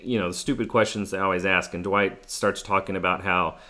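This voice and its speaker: A man's voice: low voice, steady tone, fairly quick, pushed and bright. A man with a loose, filler-heavy way of talking tells a long casual story about his time working with a team. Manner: rambling, filler-heavy, lots of 'like'. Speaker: former team staffer telling a story.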